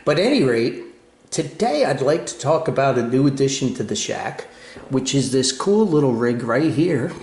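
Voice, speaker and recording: A man's voice: mid-range voice, very animated, normal speed, darkish tone. An older man with a New Jersey accent chatting casually in his home radio room, rambling and poking fun at himself with plenty of fillers and restarts. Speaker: ham radio video host. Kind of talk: casual show-and-tell chat. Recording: echoey room.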